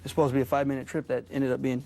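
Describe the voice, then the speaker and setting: A man's voice: mid-range voice, level tone, racing, creaky, a little mellow, a little hiss or hum. A young man, a talk show guest, earnestly recounting his arrest in a studio interview.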